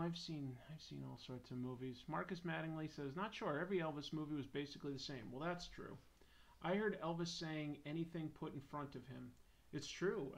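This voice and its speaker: A man's voice: fairly high pitch, vocal fry. A man hosting a comics livestream, joking casually and reading viewer comments aloud while he draws. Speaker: comics YouTube host.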